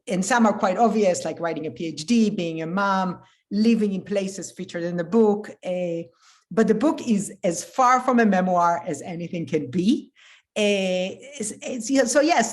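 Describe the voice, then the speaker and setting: A woman author speaking as a guest at a live event, earnest and thoughtful, pausing often with "uh". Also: medium pitch, lively intonation. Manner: earnest, thoughtful, frequent "uh" pauses.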